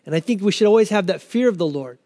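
High-voiced impassioned male preacher. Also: expressive, fast talker, dark tone. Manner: impassioned preaching, voicing the people in the scripture he quotes. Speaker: pastor. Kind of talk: sermon.

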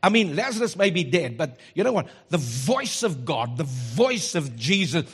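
A middle-aged man preaching a sermon as pastor, animated and joking in asides. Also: a little high, normal speed, breathy edge.

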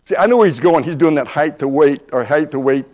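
A man's voice: fairly high pitch, quick pace, a little mellow, muffled recording. Older man teaching, folksy storyteller. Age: 70s. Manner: storytelling, acting out both sides of a dialogue; folksy and humorous, with frequent restarts. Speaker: church Bible class teacher. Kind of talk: conversational sermon lesson.

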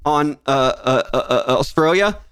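A man co-hosting a podcast, fast with jokes and casual swearing. His voice sits a bit high and swings widely up and down as he riffs. The sound is close and dry, with no room around it. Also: clean tone, no room sound. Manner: animated, swears often, mimics voices for jokes. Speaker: podcast co-host.

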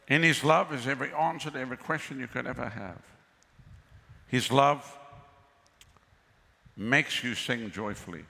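A male pastor preaches with a gravelly, bright, forceful voice set a little high, exclaiming and calling out to his crowd for answers. His sermon rings with a long reverb, and faint ambient noise sits underneath. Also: normal speed, long pauses. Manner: exclamatory, calls to the crowd for responses. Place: outdoor pavilion with a crowd.

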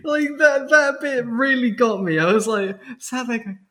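A podcast co-host in casual chat, animated and full of fillers and swearing. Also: mid-range voice, moderate pace.

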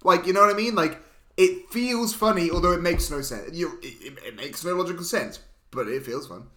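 A man co-hosting a casual movie review chat, animated and rambling, with loud interjections. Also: fairly high pitch, brisk, reverberant. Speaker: podcast co-host.

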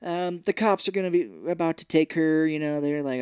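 A podcast co-host in a casual movie recap chat, retelling scenes and acting out the characters' lines in quick put-on voices. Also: medium pitch, fairly even intonation, a little mellow, clean tone, no echo, studio quality.

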